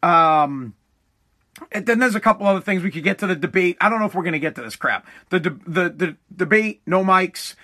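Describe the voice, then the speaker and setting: A man hosts his own solo podcast, rambling casually with plenty of profanity and many restarts. His high voice is animated, bright and forceful, moving a little fast.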